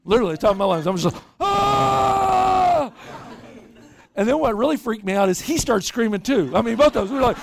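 A man preaching at a retreat, telling a lively story and often repeating words as he starts sentences. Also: high-pitched, racing, creaky, hardly any pauses. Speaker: pastor. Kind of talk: sermon with storytelling.

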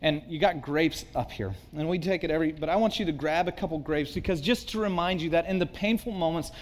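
A man's voice: on the high side, fast. Earnest male pastor in a reverberant hall. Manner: earnest, swings from hushed to emphatic. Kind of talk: sermon. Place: church sanctuary.

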